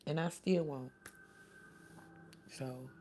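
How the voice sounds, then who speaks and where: A woman's voice: rumbling low, drawn-out words, warm tone, slight background noise. A middle-aged woman streaming live, chatting casually and answering commenters by name. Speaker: live streamer reading chat. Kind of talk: casual chat.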